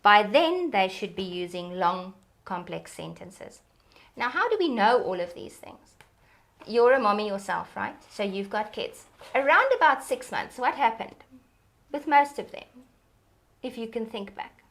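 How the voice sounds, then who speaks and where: A woman, an early childhood development expert, explaining in an animated teacherly way during an interview. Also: mid-range voice, unhurried.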